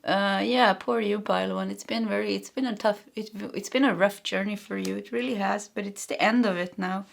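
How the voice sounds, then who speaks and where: A woman's voice: medium pitch, fairly even intonation, a little fast, vocal fry. A woman from Sweden, a native Swedish speaker, giving an earnest, emotional pick-a-card tarot reading with many fillers. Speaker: tarot reader.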